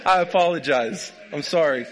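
A young man preaching to his church in a folksy, joking way. His voice sits a little higher than most men's, and he keeps laughing along with his own stories. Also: normal speed, a bit bright. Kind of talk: humorous sermon. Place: church sanctuary with a congregation.

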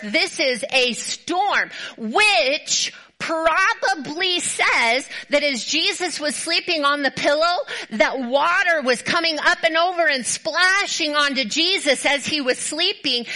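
Woman pastor, high bright voice; emphatic, repetitive sermon build-ups. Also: rough recording. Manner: animated storytelling, acts out quoted voices.

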